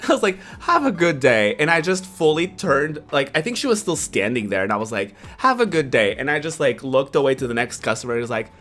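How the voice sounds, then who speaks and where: Young male streamer, casual anecdote, animated delivery, expressive pitch. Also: fast, hardly any pauses, soft background music. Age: 20s. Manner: animated, filler-heavy, laughing often. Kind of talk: casual storytelling.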